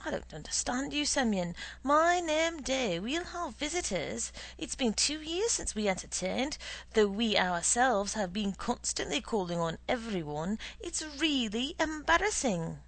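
A woman's voice: on the high side, big pitch swings, measured pace, fairly bright tone, no echo, voice pushed up, exaggerated voice, rough recording. A woman reading the part of a worried, indignant middle-aged wife who pleads with her husband.

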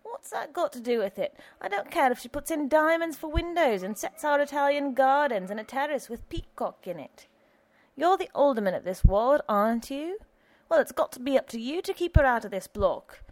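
A woman's voice: high-pitched, animated, normal speed, darkish tone, pitched above the performer's own voice. A woman voicing a very young husband who speaks hotly and impatiently. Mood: indignant. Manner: indignant, hot-tempered.

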